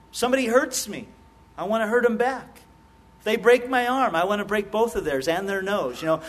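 A middle-aged man preaching a sermon as a pastor, earnest and often restarting his words in quick repetitions. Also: sits high, a bit bright.

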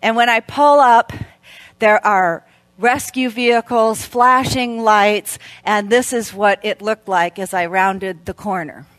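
A woman in her fifties speaking at a women's church event, telling a story in an animated way and laughing often. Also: medium pitch, slow, no room sound.

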